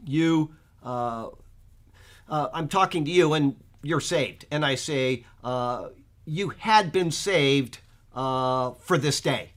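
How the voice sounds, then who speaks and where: A man's voice: mid-range voice, a bit bright. A man teaching an informal Bible study who thinks aloud with fillers and often checks in with his listeners.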